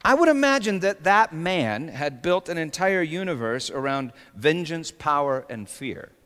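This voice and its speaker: A man's voice: a little high, sing-song, unhurried. Impassioned man preaching in a reverberant hall. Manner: dramatic swings from hushed to shouting. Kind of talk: sermon. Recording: long reverb of a large hall.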